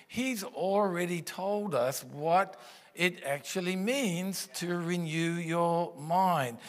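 Slow-speaking preacher, man. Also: high-pitched, a bit bright. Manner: earnest, conversational preaching with rhetorical questions. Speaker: pastor. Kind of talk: sermon. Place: church auditorium. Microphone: stage microphone.

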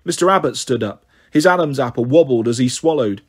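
A man reading a children's novel aloud as a storyteller, in an even, measured way. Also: medium pitch, husky.

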